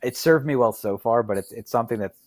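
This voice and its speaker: A middle-aged man, a guest in a casual interview, making animated, opinionated points and tagging them with "right?". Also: medium pitch, fast talker, no room sound.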